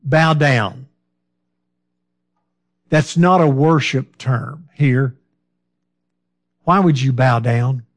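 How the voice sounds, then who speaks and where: A man preaching a Bible-study sermon, talking slowly and conversationally, asking his listeners questions and now and then losing his train of thought. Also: mid-range voice. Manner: fillers and restarts, loses his train of thought.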